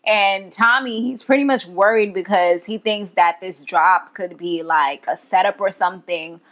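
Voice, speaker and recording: A woman's voice: mid-range voice, unhurried, fairly bright tone. A young woman giving a casual, slangy recap of a TV episode, chatting and laughing as she goes. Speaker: TV show reviewer.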